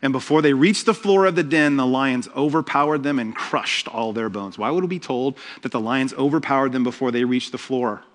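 A man preaching a sermon as pastor, telling the story with humor and lively asides. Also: medium pitch, brisk, hardly any pauses.

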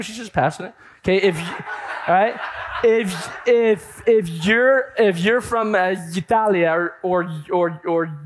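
A young man preaching, telling a lively story to the audience and acting out the other people's voices. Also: sits high. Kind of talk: sermon.

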